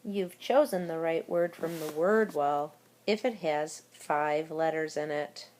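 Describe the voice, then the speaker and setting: A woman's voice: low voice, slow pace, a little mellow, slight background noise. A woman teacher giving a recorded spelling lesson to young children, talking them through words and spelling them out letter by letter. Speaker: elementary school teacher.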